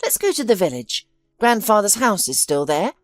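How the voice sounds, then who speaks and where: Woman reading as a weary, steady mother. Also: medium pitch, moderate pace, no echo, studio quality, faint music behind, voice pushed up, close to an everyday voice. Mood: tired. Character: weary, determined mother, middle-aged woman. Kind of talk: audiobook character reading.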